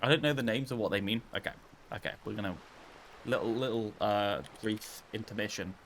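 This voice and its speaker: A man's voice: lowish voice, fairly quick, fairly bright tone, a little hiss or hum. A man casually commentating a video game playthrough, chatty and wry, reading dialogue aloud. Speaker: gaming channel host.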